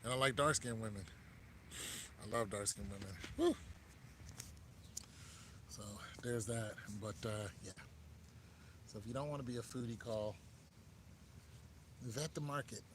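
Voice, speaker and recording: A man's voice: medium pitch, a little slow, long pauses, background noise. A man with an American accent giving dating advice in a laid-back, joking monologue, talking straight to the listener. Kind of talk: casual monologue.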